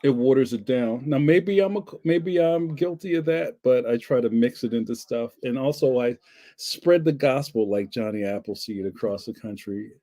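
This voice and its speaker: A man's voice: mid-range voice, moderate pace, warm tone. A man, hosting a livestream and chatting casually through viewer comments in a rambling, jokey way with frequent laughs. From Philadelphia, US. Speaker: livestream host.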